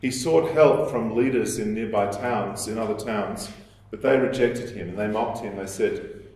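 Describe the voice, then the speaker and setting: A man with a lowish voice delivers a lecture in a strongly echoing room. He explains at a measured pace, quoting texts and pausing on the odd filler. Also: a little mellow. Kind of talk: recorded lecture. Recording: very echoey room.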